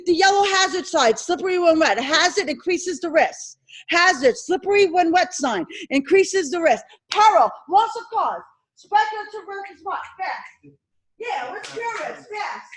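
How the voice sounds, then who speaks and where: A woman instructor lecturing a classroom on insurance licensing, animated and repetitive as she drills and quizzes her students. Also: very high-pitched, rough recording.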